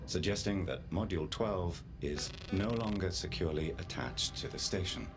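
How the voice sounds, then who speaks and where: A man voicing a cold station AI in a video game, with a very deep, evil-sounding robotic voice. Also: moderate pace. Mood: flat. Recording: game audio with loud music.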